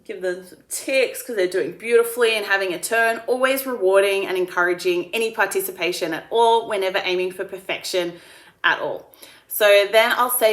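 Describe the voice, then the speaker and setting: Encouraging Australian woman speech therapist. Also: medium pitch. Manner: calm, encouraging, models sounds slowly. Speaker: speech pathologist. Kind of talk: explaining therapy steps to camera. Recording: roomy echo.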